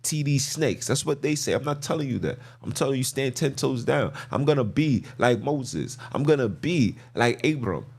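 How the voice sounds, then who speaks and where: A man's voice: mid-range voice, animated, normal speed, gravelly, few pauses, husky. A man hosting a podcast, preaching on scripture in an emphatic, slangy way, repeating phrases for stress. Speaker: podcast host.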